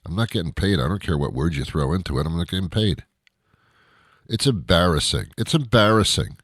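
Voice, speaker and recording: American male radio host, deep voice, sarcastic exasperated comic rant, dry studio sound. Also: animated, fairly quick, a bit bright, slightly rough, dry recording. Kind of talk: comedic monologue.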